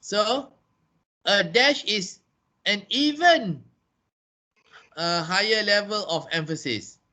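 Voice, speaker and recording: A man's voice: high voice, takes it slowly, sharp tone. A man teaching a class, explaining and repeating key points in a training room. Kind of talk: classroom lesson.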